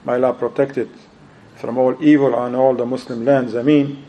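Animated man preaching, Arabic phrases mixed in. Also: mid-range voice, moderate pace, rough recording. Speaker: Islamic preacher. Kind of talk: lecture answering questions.

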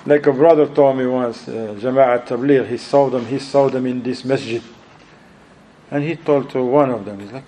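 A man giving an Islamic lecture and answering questions, animated, mixing Arabic phrases into his English. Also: medium pitch, normal speed, slight background noise, rough recording. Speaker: Islamic preacher.

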